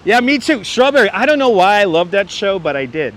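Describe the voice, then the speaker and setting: A man's voice: high voice, sing-song, fairly quick, a bit bright. A man with a Brooklyn accent hosting a walking-tour livestream outdoors in the city, chatting with viewers and thanking them by name. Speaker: livestream host. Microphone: wireless clip-on mic. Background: faint city traffic.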